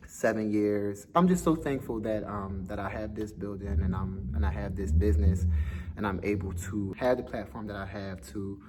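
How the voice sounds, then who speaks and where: Young guy w a slight lisp vlogging, kinda nervous, laughs a lot, lowish voice. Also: noisy background. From Philadelphia. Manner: chatty, self-conscious, laughs easily. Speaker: vlogger, dance school owner. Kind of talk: casual vlog to camera.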